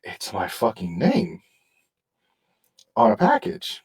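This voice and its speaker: A man's voice: fairly high pitch, huge pitch swings, takes it slowly, creaky, a little mellow, husky, distant mic, low-quality recording. A man hosting a podcast, telling a story in casual chat and swearing constantly. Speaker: podcast host.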